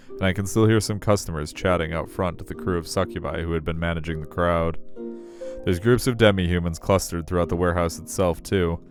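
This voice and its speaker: A man reading a visual novel aloud, wry and self-deprecating as the narrator. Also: low voice. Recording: faint music behind.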